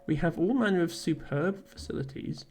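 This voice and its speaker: A woman's voice: on the low side, normal speed, dark tone, faint music behind, natural voice. A woman reading the lines of a cheerful male hotel host on a volcano, in her own plain voice without any accent. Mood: welcoming.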